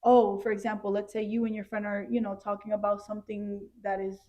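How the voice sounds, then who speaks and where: A woman's voice: mid-range voice, completely flat delivery, brisk, warm tone. A young woman hosting a podcast, talking in an earnest, chatty way with lots of filler words. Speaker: podcast host. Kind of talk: casual chat.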